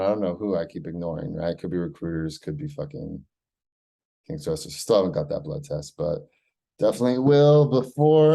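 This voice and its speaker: A man's voice: on the low side, warm tone. An American man talking in a loose, rambling monologue, swearing freely and filling with "like" and "right?". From United States. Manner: loose and profane, heavy use of "like" and "right?". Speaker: vlogger keeping a spoken personal log.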